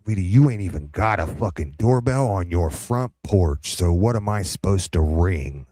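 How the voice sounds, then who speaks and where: A man's voice: low-pitched, expressive, moderate pace, dark tone, no echo, studio quality. A man hosting a live reaction stream, rambling and taunting with heavy profanity.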